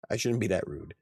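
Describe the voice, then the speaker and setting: A man's voice: mid-range voice, a little mellow, husky, no echo, clean studio sound. A man hosting a casual livestream chat, rambling, joking at his own expense and laughing often. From United States. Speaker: livestream host.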